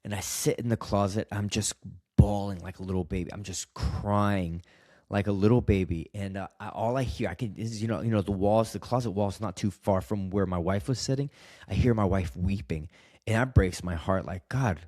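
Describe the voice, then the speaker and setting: A man's voice: fairly low pitch, moderate pace, darkish tone, dry recording. Male podcast guest, blunt and confessional, lots of fillers, dry close mic. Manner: candid, swears often, many fillers. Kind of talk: emotional personal story.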